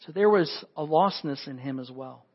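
A man preaching a sermon in an animated way, acting out the voices in the scripture with big jumps in pitch. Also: moderate pace, husky, muffled recording. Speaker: pastor.

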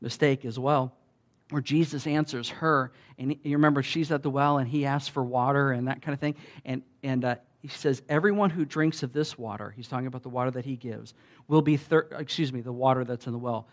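A man preaching a sermon in a conversational way, with restarts, often rising loud when he quotes. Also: mid-range voice, brisk. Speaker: pastor.

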